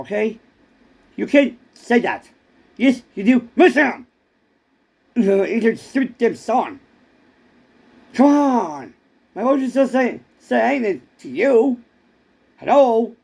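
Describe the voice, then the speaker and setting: A man's voice: sits high, gravelly, a little mellow, slightly rough. A man in a rambling comic monologue who stammers and keeps repeating words.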